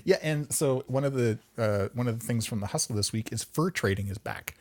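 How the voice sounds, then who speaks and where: A man co-hosts a relaxed podcast conversation at a middle pitch. He is easygoing and drops dry asides. He backs up his co-host with frequent agreeing noises. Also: brisk. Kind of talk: casual chat.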